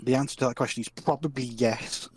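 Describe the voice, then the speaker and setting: A man playing a tabletop game, making drawn-out, wry remarks. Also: medium pitch, fairly even intonation, crowd noise, low-quality recording. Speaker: player. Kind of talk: casual tabletop play.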